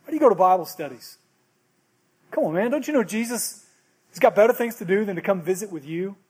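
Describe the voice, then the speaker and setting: A man's voice: high-pitched, expressive, a little fast, a little mellow, husky. A man doing a scoffing bystander. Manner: mocking, dismissive questions.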